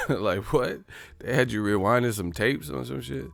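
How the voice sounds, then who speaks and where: A man's voice: mid-range voice, expressive, moderate pace, gravelly, a bit bright, dry recording. A man hosting a live stream, chatting casually, cursing and joking as he reads viewer messages. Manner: profane, joking, puts on voices for bits. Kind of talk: casual live-stream chat reading super chats.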